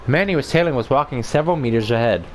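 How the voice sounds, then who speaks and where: A man's voice: mid-range voice, lively intonation, racing, slight background noise. A man reading a game's story aloud, narrating with chatty asides. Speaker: game narrator.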